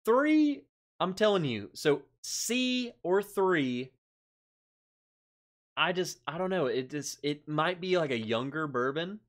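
A man's voice: a little high, sing-song, takes it slowly. A man hosting a casual livestream, reading out chat comments, laughing often and sounding stressed. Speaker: livestream host. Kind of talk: casual live-stream chat.

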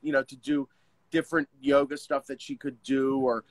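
A man, telling a painful personal story as an interview guest, in an earnest, halting way with many restarts. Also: medium pitch, flat delivery, slight background noise. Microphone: video call.

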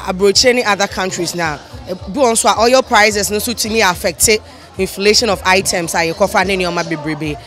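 A woman trader with a Ghanaian accent answering a street interview in a calm, matter-of-fact way. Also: medium pitch. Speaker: market trader.

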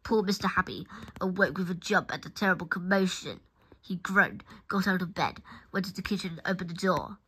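A woman reading a children's picture book aloud, expressive and talking straight to the listener. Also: on the low side, a little fast, a little hiss or hum. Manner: expressive, addresses the listener directly. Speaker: storybook reader.

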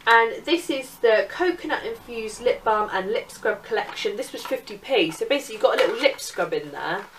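A woman's voice: a little high, lively intonation, a little fast, hardly any pauses. Chatty 18 yo girl doing a haul vlog, swears a lot, mic kinda far, faint hiss. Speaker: beauty vlogger. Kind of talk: casual haul chat.

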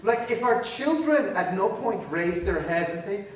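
Animated male speaker in an echoey hall. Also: high voice, measured pace, few pauses. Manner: animated, sarcastic humor with rising emphasis. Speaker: keynote speaker. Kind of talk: university lecture and Q&A answers. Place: large lecture hall. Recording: echoey hall, distant mic, faint noise.

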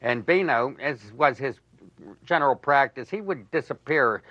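An older man rambles through a funny old story, laughing as he goes. His voice is bright and forceful. The audio sounds dull and lo-fi, like an old broadcast. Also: medium pitch, animated, moderate pace. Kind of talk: telling an old anecdote.

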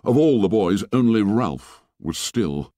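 A man narrating a novel as an audiobook, reading dramatically and sinking low and soft on grim lines. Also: lively intonation, a little slow, dry recording, clean studio sound.

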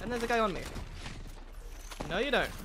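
Lively, excitable woman gaming commentator. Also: fairly high pitch, a little fast, noisy background. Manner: excitable, swears often, playful in-character boasting. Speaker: gaming video creator. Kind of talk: live gameplay commentary.

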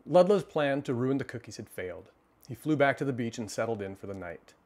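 A man hosting a livestream, reading a children's storybook aloud and then chatting with viewers in a relaxed, halting way. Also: medium pitch. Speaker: storyteller host.

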